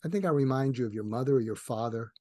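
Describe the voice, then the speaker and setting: An older man, a retired psychiatrist, talking as a podcast guest, explaining in an animated way with frequent restarts. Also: medium pitch, fast talker, dry recording, studio quality. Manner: animated, acts out dialogue in varied voices, frequent restarts. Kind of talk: conversational interview explanation.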